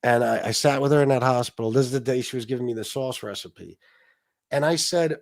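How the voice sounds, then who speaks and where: A man talks on his own live-stream show at a middle pitch. His delivery is casual and emotional. He rambles, restarts sentences, adds asides and swears now and then. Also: brisk, gravelly. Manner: profane. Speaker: political talk show host.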